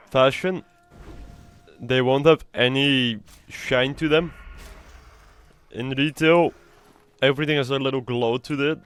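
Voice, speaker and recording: A man's voice: medium pitch, smooth. Chatty man commenting on gameplay. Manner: chatty, rambling, swears casually. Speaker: gamer.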